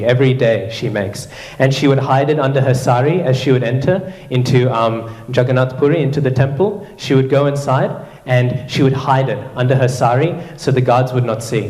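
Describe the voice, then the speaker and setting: A man at a temple class narrates a devotional story, stepping briefly into the voices of its characters. He talks in a mid-range voice, pausing with "um" and a checking "hmm?". The sound carries the echo of a large room. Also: medium pitch, darkish tone. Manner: narrates with quoted voices, frequent "hmm?" and fillers. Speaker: class speaker. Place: temple hall. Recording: roomy echo.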